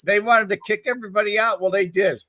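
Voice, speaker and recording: A man's voice: high voice, fairly even intonation, fast talker, pushed and bright, no room sound. A man, a guest on a live stream, adding brief wry remarks in casual chat.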